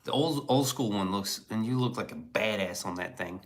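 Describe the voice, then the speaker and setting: A man's voice: on the low side, normal speed. A man streaming live, reading chat messages aloud and riffing on them in loose, profane, casual talk.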